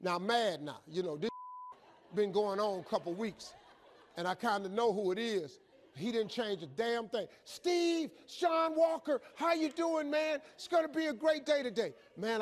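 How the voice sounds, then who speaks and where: A man giving a motivational speech as a story, talking in a lively, colloquial way and acting out the dialogue. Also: high-pitched. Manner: animated, colloquial, acts out dialogue. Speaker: motivational speaker.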